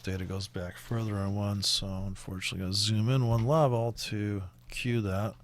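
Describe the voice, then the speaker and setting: A man's voice: lowish voice, flat delivery, moderate pace. A man with a Canadian accent talking through currency charts in a casual, rambling way, with many fillers and restarts. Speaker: forex trading commentator. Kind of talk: casual screen-share chart walkthrough.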